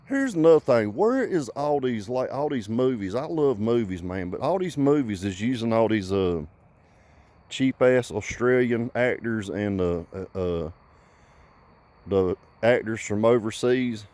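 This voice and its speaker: A man's voice: medium pitch, lively intonation, normal speed, a little mellow. A man vlogging in a rambling comic rant, profane and folksy.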